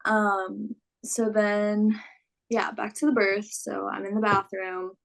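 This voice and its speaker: A young woman casually telling her own story in a relaxed, chatty way full of fillers. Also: mid-range voice, takes it slowly, creaky.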